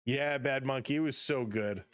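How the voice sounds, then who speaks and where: A man's voice: mid-range voice, moderate pace, clear, resonant tone, no room sound. Chatty middle-aged man calling baseball. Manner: chatty, reads viewer comments aloud between calls. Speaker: live-stream host. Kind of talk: live play-by-play with chat reactions.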